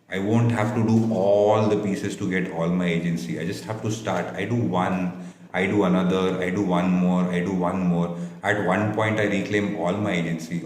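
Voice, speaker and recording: A man facilitating a workshop, leading a guided self-reflection meditation with slow, repetitive, soothing affirmations. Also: deep voice, a little mellow, reverberant.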